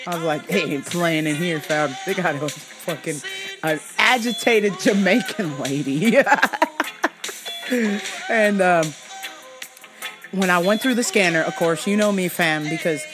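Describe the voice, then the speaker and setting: A woman in her thirties telling comedic travel stories to camera, animated, profane and often laughing. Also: fairly low pitch, slow, pauses often, music in the background. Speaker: vlogger. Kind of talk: casual comedic storytelling.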